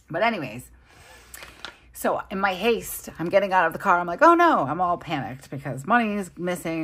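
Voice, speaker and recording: A woman's voice: low-pitched, a bit bright, husky. A woman in her thirties vlogging as she plans, chatty and self-deprecating, laughing often as she tells a story. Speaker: planner vlogger. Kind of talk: casual storytelling while planning.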